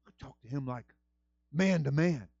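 A man voicing God as a stern male deity with a measured, solemn delivery, retelling scripture in a sermon. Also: mid-range voice, expressive, gravelly, darkish tone, dry recording, dull audio, pitched below the performer's own voice.

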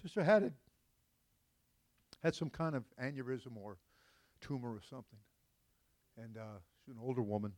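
Folksy joking pastor preaching. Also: male voice, mid-range voice, moderate pace, long pauses, a little mellow. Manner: folksy, joking asides to the congregation. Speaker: senior pastor. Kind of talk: conversational sermon. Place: church sanctuary.

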